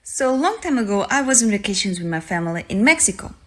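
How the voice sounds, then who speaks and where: A woman from Portugal telling a travel anecdote, earnest and slightly halting. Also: mid-range voice, very animated. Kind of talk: casual storytelling.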